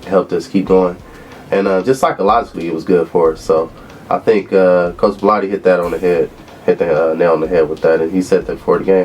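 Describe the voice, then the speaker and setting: A man in his thirties from Los Angeles, a former college football player, relaxed as he tells stories in an interview. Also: low voice, fast talker, a little hiss or hum. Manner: relaxed storyteller who acts out quotes. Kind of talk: interview reminiscing.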